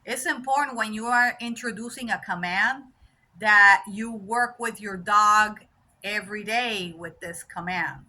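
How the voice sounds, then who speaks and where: A woman's voice: medium pitch, a little slow, bright, forceful tone, poor audio. A woman dog trainer giving an unscripted lesson to dog owners, patient and repetitive, often checking in with "all right?" and correcting herself as she goes. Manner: unscripted, with restarts and self-corrections. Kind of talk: instructional talk to dog owners.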